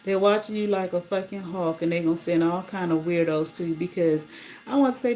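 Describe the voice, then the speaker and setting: A woman's voice: on the low side, fairly quick, warm tone, low-quality recording. Blunt, cursing woman telling a story. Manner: blunt, profane, indignant retelling. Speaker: livestreamer and rideshare driver. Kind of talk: casual livestream storytelling.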